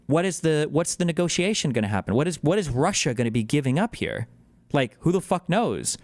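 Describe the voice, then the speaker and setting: A man's voice: fairly high pitch, sing-song, darkish tone, dry recording. Profane sarcastic male streamer ranting. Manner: profane, fast-shifting, sarcastic. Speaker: streamer reacting to clips. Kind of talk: casual political rant.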